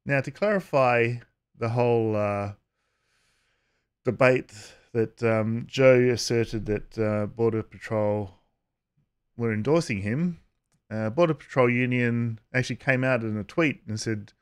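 A man giving casual vlog commentary, halting with frequent uhs and restarts and chuckling as he talks. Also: mid-range voice, clean tone. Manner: chuckles while talking. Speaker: YouTube commentator.

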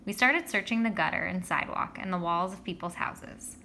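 A woman narrating a children's story in the first person with a lively, expressive reading. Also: on the low side, a little fast, creaky, a little hiss or hum. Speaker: audiobook reader.

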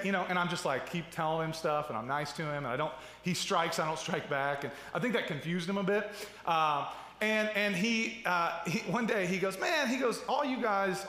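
A pastor in his thirties preaching a sermon in a church, chatty and direct, often checking in with "right?" and dropping low and quiet when telling stories. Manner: conversational preaching with asides and repeated "right?". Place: church sanctuary. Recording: roomy hall with long reverb.

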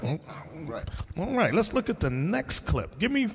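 A man preaching in an animated, emphatic way, mixing street talk with scripture in a reverberant hall. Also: sits high, moderate pace, a little hiss or hum. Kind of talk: sermon-style teaching.

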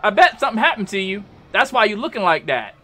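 A young man commentating his own gameplay, trash-talking a boss with loud yelps and exclamations. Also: sits high, sing-song, fast talker. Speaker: gamer playing a boss fight.

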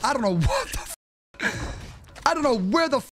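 Young male streamer, high voice, excitable slangy trash talk, noisy stream audio. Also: moderate pace. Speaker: gaming streamer. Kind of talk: live game stream commentary.

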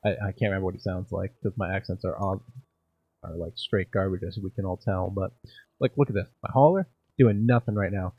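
Gravelly, husky gaming commentator. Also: male voice, deep voice, steady tone, a little fast, no room sound, dull audio. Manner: casual, self-deprecating, thinking aloud. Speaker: gaming channel host. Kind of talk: let's play commentary.

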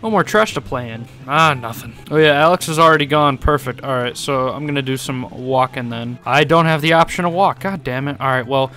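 A man's voice: mid-range voice, fairly quick, hardly any pauses, sharp tone, faint music behind. A young man giving casual, sarcastic let's-play commentary, joking and swearing freely as he plays. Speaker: gaming YouTuber.

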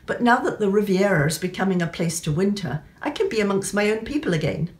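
A woman's voice: medium pitch, expressive, fast, natural voice. A woman voicing a chatty, elegant English lady living abroad, breezy and gossipy in an upper-class way.

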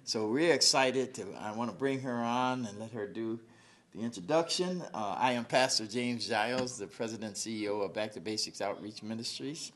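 A man's voice: medium pitch, normal speed, a bit bright. A man, a pastor, giving short welcoming remarks before handing over. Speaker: pastor, organization president.

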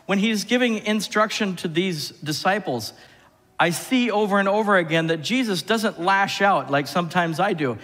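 A man preaching a sermon as pastor, animated, often putting questions to the congregation. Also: high-pitched, moderate pace. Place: church sanctuary. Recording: church hall reverb.

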